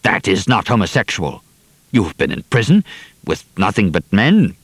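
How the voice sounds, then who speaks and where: A man reading the part of a menacing male camp commandant who carries a gun, speaking slow and low. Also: sing-song, no room sound.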